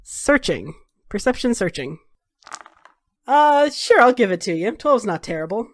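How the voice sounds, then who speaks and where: A woman's voice: on the high side, very animated, unhurried. Woman game master, chatty storyteller in a tabletop game. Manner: storytelling with many fillers.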